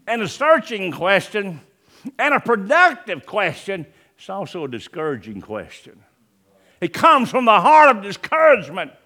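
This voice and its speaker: A pastor preaches a sermon, swinging between loud, emphatic lines and hushed ones and reading scripture in old-fashioned wording. His voice is very high-pitched.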